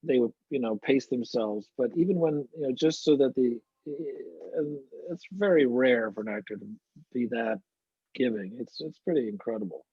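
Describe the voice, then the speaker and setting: A man, an actor guest, telling stories in a relaxed interview with lots of restarts. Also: mid-range voice, moderate pace, breathy edge, no room sound. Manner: anecdotal, warm storytelling with frequent restarts. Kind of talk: casual interview chat. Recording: muffled, dry lo-fi audio.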